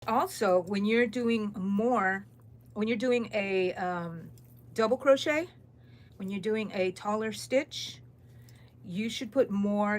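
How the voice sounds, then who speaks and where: A woman from Texas with a Texan accent, chatting casually and rambling as she reads viewer comments while crocheting on a live stream. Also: medium pitch. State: tired, yawning. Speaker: crochet channel host.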